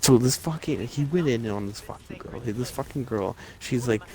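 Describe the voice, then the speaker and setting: A man's voice: mid-range voice, moderate pace. A young man, telling a story in casual chat, swearing often. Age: late teens. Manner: profane, animated storytelling. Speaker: streamer.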